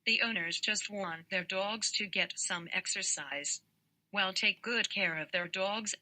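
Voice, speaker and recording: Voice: mid-range voice, unhurried, pushed and bright, low-quality recording. A computerized text-to-speech voice reading a book aloud. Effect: synthetic text-to-speech voice.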